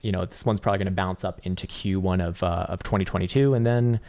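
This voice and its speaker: A man's voice: low voice, steady tone, fast talker, a little mellow. A man hosting a casual crypto chart livestream, rambling and profane with lots of fillers, his voice strained and tired. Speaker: crypto trading livestream host.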